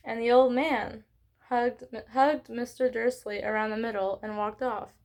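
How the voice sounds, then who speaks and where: A woman reading a children's novel aloud in an expressive way, with small slips and self-corrections. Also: fairly high pitch, unhurried, vocal fry. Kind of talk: read-along book narration.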